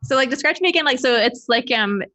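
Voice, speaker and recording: A woman playing in a tabletop role-playing game, chatting in an upbeat way and thinking out loud as she decides her moves. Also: sits high, expressive, fast talker. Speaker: player. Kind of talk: casual tabletop game chat.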